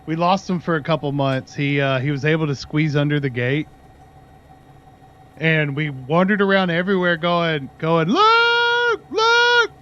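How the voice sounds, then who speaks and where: A man's voice: on the high side, moderate pace, fairly bright tone, highs cut off. A man chatting casually on his livestream, telling a long rambling story and talking to his dog in between. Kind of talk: casual chat with stream viewers.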